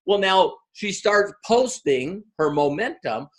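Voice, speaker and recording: Lively, animated man giving a training talk. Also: on the high side, measured pace. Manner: animated, acts out other people's voices. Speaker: business trainer.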